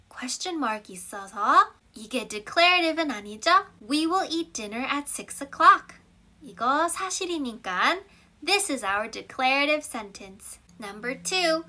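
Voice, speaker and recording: A woman with a Korean accent and a high, bright, forceful voice teaches an English grammar lesson. She switches between English and Korean and reads example sentences with big expression.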